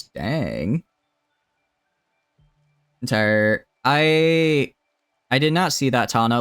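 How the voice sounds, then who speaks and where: A man's voice: fairly low pitch, no echo, clean studio sound. A man streaming a game live, answering chat and thinking aloud in a rambling, wry way with lots of fillers. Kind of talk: live-streamed gameplay commentary, reading chat.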